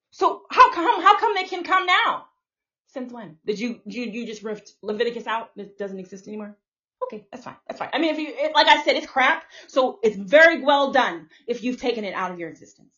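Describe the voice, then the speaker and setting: A woman preaching live as a self-styled prophetess, confrontational and cursing, swinging between loud outbursts and quiet, muttered lines. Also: high voice, recorded from a distance, dull audio. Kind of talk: fiery profane live preaching.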